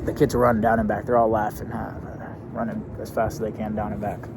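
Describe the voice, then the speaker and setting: A man's voice: fairly low pitch, little pitch movement, brisk, background noise. Brash young man telling a story. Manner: brash, profane, swaggering. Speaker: youth basketball coach. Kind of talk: casual storytelling rant.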